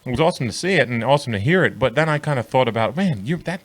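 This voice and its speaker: A man's voice: medium pitch, rapid-fire. A man co-hosting a casual sports talk podcast, telling long, profane stories with lots of restarts. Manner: rambling, profane, animated storytelling with many restarts. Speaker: co-host.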